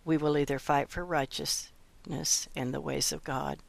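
A woman hosting a Bible podcast, reading scripture and giving devotional teaching in a measured, earnest way. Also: low voice, fairly even intonation, vocal fry. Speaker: host.

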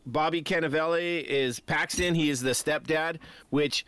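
A man's voice: a little high, normal speed, fairly bright tone, clear, resonant tone, no room sound. A man co-hosting a casual movie podcast, talking with rambling enthusiasm and frequent restarts. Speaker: podcast co-host.

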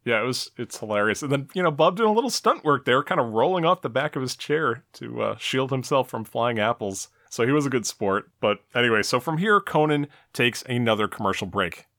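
A man hosting a podcast, casually talking through an old talk show episode with relaxed, filler-heavy chat. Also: mid-range voice, brisk, hardly any pauses, no room sound, studio quality. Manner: relaxed, chatty, frequent fillers. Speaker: podcast host.

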